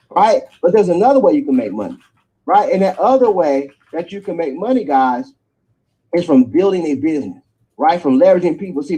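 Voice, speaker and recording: A man delivers a rapid, high-pitched sales pitch for a network marketing plan. His voice is husky and dark in tone. He drives each point home and checks in with his listeners again and again. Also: rough recording. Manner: energetic preacherly pitch, tag questions after each point.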